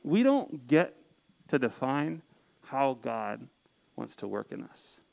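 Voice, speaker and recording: A man's voice: mid-range voice, big pitch swings, slow, vocal fry, darkish tone, poor audio. A young man in his twenties preaching to a campus group, telling a personal story earnestly with casual "like" fillers. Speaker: campus ministry speaker. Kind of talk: sermon.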